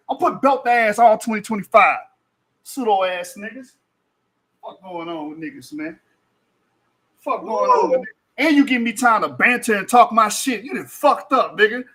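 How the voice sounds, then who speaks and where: A man's voice: extremely high pitch, a bit bright. A man in a heated online debate, boastful and profane, mocking his opponents and laughing between points.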